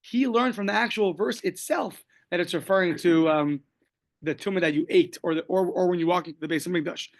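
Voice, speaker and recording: A man's voice: high voice, brisk. A man teaching a daily Talmud class, explaining the text step by step, quoting Aramaic and Hebrew phrases and joking lightly along the way. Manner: casual, joking asides.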